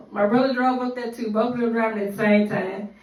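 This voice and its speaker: High-voiced woman, echoey and distant. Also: moderate pace. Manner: animated, profane, rambling. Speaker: storyteller. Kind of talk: casual storytime monologue.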